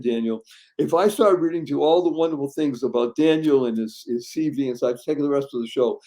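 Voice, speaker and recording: A man hosting a podcast, animated and playful, fond of wordplay, with sudden loud bursts of emphasis. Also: mid-range voice. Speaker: podcast host. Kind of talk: upbeat podcast chat.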